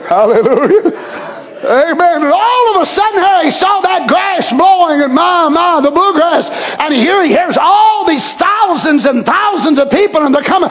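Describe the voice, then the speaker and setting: A preacher with a strikingly high voice that leaps and falls in pitch. He alternates between fervent shouting and hushed, slowed-down asides. The tone is a full sermon delivery. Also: lively intonation.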